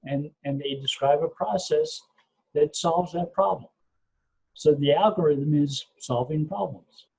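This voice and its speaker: A middle-aged man speaks in a high, warm-toned voice with a husky edge. He explains things patiently, step by step, often repeating his first word. The podcast audio sounds dull and muffled. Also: unhurried. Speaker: podcast guest, SEO researcher. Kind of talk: casual explanatory interview talk.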